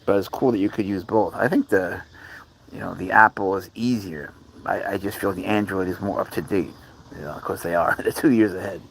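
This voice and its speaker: A man with a low voice and vocal fry livestreams at night outdoors with his cats, bugs around and crickets chirping. He talks fairly quickly, chatting easily and reading viewer comments out loud. The recording is rough, with slight background noise.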